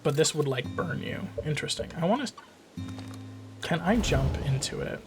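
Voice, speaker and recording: Guy with a fairly high voice talking to himself while playing a game, curious, lots of ums. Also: animated, normal speed, over music. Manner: musing, thinking aloud with fillers and trailing questions. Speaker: let's play host. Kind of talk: casual gameplay commentary.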